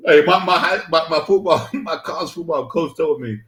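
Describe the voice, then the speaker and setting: A man's voice: on the high side, moderate pace, echoey room. A young man co-hosting a podcast, telling stories with lots of laughter and casual profanity. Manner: laughing, animated storytelling, profanity. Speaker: podcast co-host. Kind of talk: casual chat.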